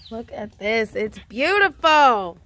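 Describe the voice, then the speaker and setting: A woman's voice: on the high side, very animated, slow, bright, forceful tone. A woman giving brief, casual replies while touring a house. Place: indoors, house tour.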